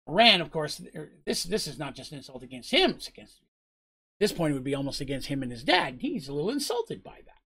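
A man's voice: on the high side, very animated, a little fast, gravelly, pushed and bright. A man casually recounting a tabletop game session in a rambling, conversational way. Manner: conversational, rambling, with frequent fillers.

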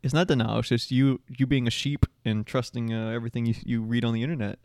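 A man's voice: medium pitch, level tone, quick pace, darkish tone, no echo, studio quality. A young man co-hosting a podcast, joking around, playfully stubborn and laughing often. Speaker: podcast co-host. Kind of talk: casual chat.

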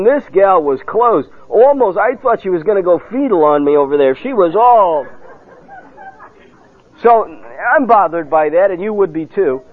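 A man delivers a sermon through a narrow, tinny radio sound. His voice sits high. He tells a story with lively pacing and acts out the people in it. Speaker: preacher. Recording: tinny phone-like radio broadcast.

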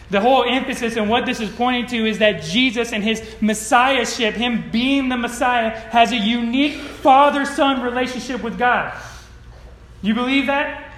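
A man's voice: extremely high pitch, normal speed, fairly bright tone, a little hiss or hum. A male pastor preaching a sermon to a congregation, moving from earnest storytelling to emphatic declarations. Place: church sanctuary with congregation. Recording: roomy church echo.

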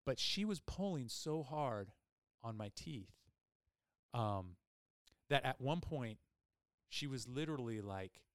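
A man hosting a podcast, telling a long personal story in a casual, animated way with many fillers. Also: mid-range voice, slow, pauses often, no echo, clean studio sound. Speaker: podcast host.

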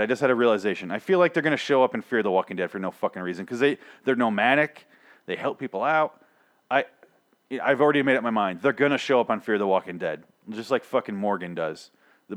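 A man's voice: on the low side, a bit bright. A man hosting his own podcast, ranting profanely through a solo TV episode recap with exasperated outbursts. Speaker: podcast host.

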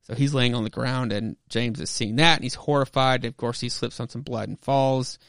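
A man's voice: mid-range voice, steady tone, moderate pace, vocal fry, fairly bright tone, clean tone, dry recording. A man hosting a podcast, casually recapping a comic book in a rambling way with lots of fillers and swearing. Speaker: podcast host.

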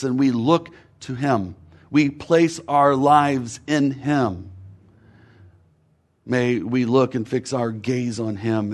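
A man preaching a sermon in a measured way, building rhythmic lists whose last words fall away. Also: mid-range voice, a little mellow.

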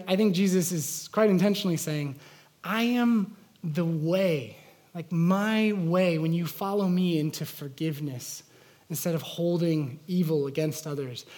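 A man's voice: high voice, a little mellow. A man preaching a sermon as pastor, in an earnest, conversational way with frequent fillers and restarts.

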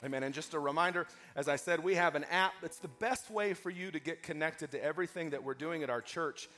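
Fervent preaching man, slightly high voice. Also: fairly quick, pushed and bright. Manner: emphatic, calls for amens from the congregation. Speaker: pastor. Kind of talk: live sermon with announcements. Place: church service before a congregation.

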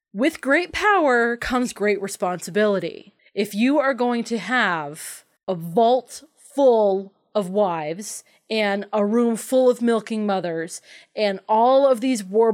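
Chatty woman co-hosting a podcast. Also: on the high side. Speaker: podcast co-host. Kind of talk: casual film discussion.

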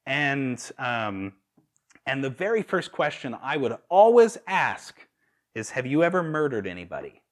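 A young man preaching a sermon in a relaxed, conversational way, with fillers and restarts. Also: mid-range voice, a little slow. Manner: conversational with fillers and restarts, laughs at own stories.

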